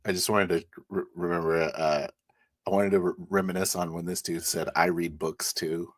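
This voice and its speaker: A man's voice: sits low, steady tone, a little fast, no echo. A man in casual chat while reacting to a video, making teasing, joking asides.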